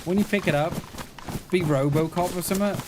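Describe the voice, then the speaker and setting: A man's voice: high voice, brisk. A man chatting in a rambling, chummy way with his viewers while he streams a game. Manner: rambling, chummy, addresses chat as mate and buddy. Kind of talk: casual live-stream chat while playing. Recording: clear game noise behind the voice.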